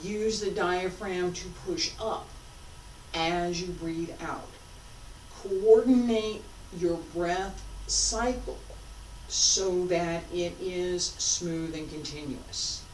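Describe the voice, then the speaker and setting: A woman teaching a martial arts class, calmly coaching breath and movement and repeating cues. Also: lowish voice, very slow. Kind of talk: class instruction while practicing. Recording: roomy, from a distance with faint noise.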